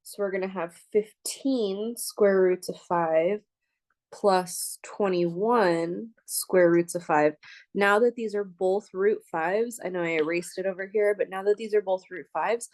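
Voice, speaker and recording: Woman, math professor, unhurried, thinks aloud while writing, dry recording. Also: medium pitch, darkish tone, no echo. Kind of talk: lecture working problems on a board.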